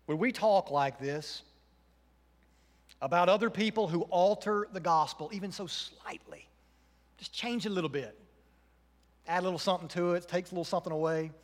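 A man preaches a sermon from the pulpit, his fairly high voice swelling on emphatic questions and falling quiet again. His words ring out into a church with a long reverb tail. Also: fairly quick, pauses often. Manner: earnest preaching, rising to emphatic questions then dropping soft. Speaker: pastor.

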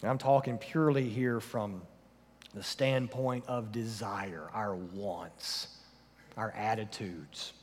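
Slow, measured preacher in a reverberant hall. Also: male voice, steady tone, slight background noise. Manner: measured preaching with rhetorical questions, dropping low for emphasis. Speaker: pastor. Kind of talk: sermon.

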